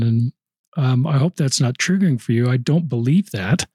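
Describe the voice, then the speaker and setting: A man hosting a podcast interview, speaking in an earnest, measured and gently apologetic way. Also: mid-range voice, slightly rough, no echo. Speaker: podcast host. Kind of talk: casual interview chat.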